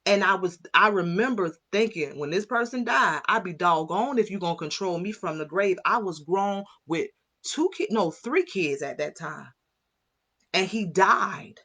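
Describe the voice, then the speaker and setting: A woman's voice: lowish voice, animated, unhurried, fairly bright tone, slightly rough. A middle-aged woman, a mindset coach, speaking with impassioned, preacher-like fervor and calling out to her listeners. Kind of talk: motivational talk to viewers.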